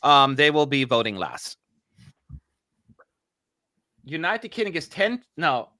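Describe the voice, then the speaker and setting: Man, livestream co-host, rambling excitable commentary, bouncy pitch, dry close sound. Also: slow, dry recording. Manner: rambling, excitable, grumbles aloud. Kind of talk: live watch-along commentary.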